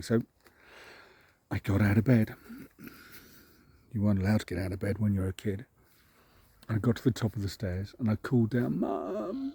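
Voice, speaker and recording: A man's voice: medium pitch, mellow, breathy edge, dry recording. An Englishman telling a rambling, self-deprecating story from his childhood, chuckling at himself as he goes. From England. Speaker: vlog host. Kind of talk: casual storytelling. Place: outdoors, walking a dog.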